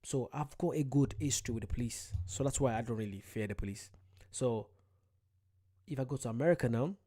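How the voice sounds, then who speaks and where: A man's voice: mid-range voice, a little fast, warm tone. A young man with an Irish accent, chatting casually on a livestream, reading out viewer comments, rambling and joking about himself. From Ireland. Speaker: streamer.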